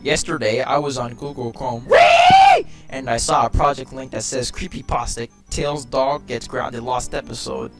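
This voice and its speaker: A man's voice: medium pitch, fairly even intonation, normal speed, hardly any pauses, fairly bright tone, faint music behind. A young man reading a creepypasta aloud with friends, mocking it sarcastically and cracking crude jokes.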